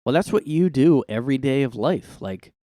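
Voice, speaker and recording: Animated and medium-pitched, a man hosts a casual podcast alone in his room, swearing, rambling and stuffing his speech with "like." He keeps a moderate pace, his tone dark, captured on a close mic with no room sound.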